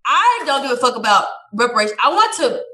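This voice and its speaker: A young woman talking fast in casual podcast chat, her voice bright and a little high. She tells the story animatedly, acting out quotes and swearing freely. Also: very animated.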